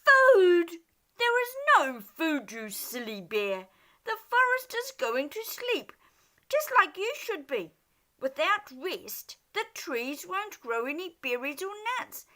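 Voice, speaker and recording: A tired, cross little male dormouse from a storybook, squeaking high and scolding at full volume, played by a woman reading aloud. His voice is bright and sharp, and it jumps all over the place as he tells everyone off. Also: heavily acted. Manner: scolding, shouting.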